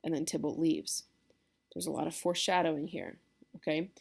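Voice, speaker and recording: Female teacher, low voice, casual explainer who keeps checking in with her class. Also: steady tone, brisk, vocal fry, darkish tone, husky. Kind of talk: classroom lecture.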